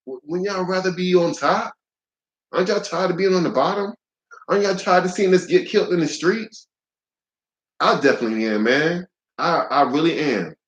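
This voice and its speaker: A man with a slightly high voice speaks bluntly and profanely, ranting in a heated way and often restarting his sentences. His voice rings off the walls of an echoey room. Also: dull audio. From United States. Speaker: vlogger. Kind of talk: ranting monologue to camera.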